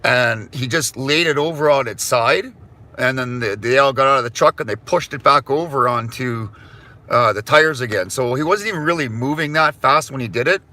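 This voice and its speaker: Driving along, a middle-aged Canadian vlogger keeps up easygoing, rambling chatter with his audience from inside the car, swearing and apologizing. His medium-pitched voice sounds pushed and bright at a normal speed.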